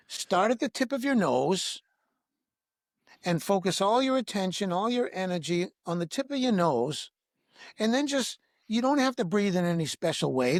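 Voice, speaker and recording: A man guiding listeners through a breath-awareness meditation in a slow, soothing, instructive way, asking repeated gentle questions. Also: sits high, no echo, clean studio sound. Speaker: breathwork teacher, podcast guest.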